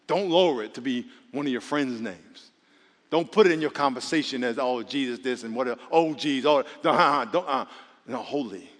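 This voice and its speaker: A man preaches as pastor in a mid-range voice, his words followed by a long reverb tail. He keeps the sermon lively with jokes and questions called out to the congregation.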